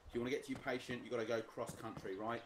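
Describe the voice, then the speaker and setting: A man's voice: mid-range voice, flat delivery, rapid-fire, natural voice. A man doing an upbeat celebrity chef impression, giving instructions and saying "right" a lot. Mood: chirpy. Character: chirpy English celebrity chef man, eager. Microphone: headset over voice chat. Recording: loud hiss over voice chat.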